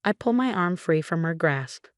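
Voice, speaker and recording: A woman narrating a first-person drama story, reading every voice in one steady tone. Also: lowish voice, moderate pace, no echo, studio quality.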